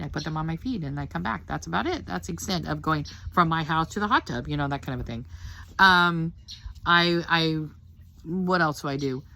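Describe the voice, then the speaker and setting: A woman's voice: lowish voice, bright, forceful tone, a little hiss or hum. An older woman giving a casual personal testimony about her faith, talking in an earnest, heartfelt, rambling way. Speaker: Christian testimony speaker.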